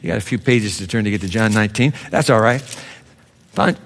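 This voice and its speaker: A man preaching a sermon with dramatic swings from low murmurs to high exclamations. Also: lively intonation, fairly quick, gravelly, in a large hall.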